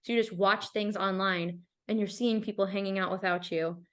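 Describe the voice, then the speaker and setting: This is a young woman in casual podcast conversation, chatty and open. Her pitch sits in a middle range for a woman, and her talk is loose and full of "like" fillers. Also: moderate pace. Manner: chatty, frequent "like" fillers, animated. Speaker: podcast guest. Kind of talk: casual chat.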